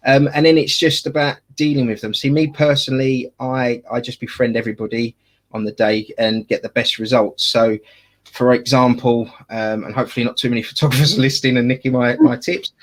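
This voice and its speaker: A man's voice: mid-range voice, fairly even intonation, fairly quick. A man with an Essex accent, chatting casually as a wedding photographer and podcast co-host, jokey and full of fillers and restarts. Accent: Essex English.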